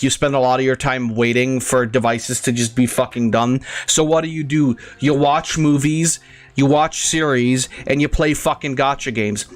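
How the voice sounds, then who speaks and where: A young man hosting his gaming channel, rambling through casual, crude and profane commentary as he plays. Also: mid-range voice.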